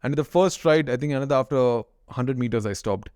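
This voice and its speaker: Animated man telling a story, dry sound. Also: medium pitch, brisk, clean tone, no room sound. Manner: animated, slangy, full of "you know" and "dude". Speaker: podcast guest. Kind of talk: casual storytelling.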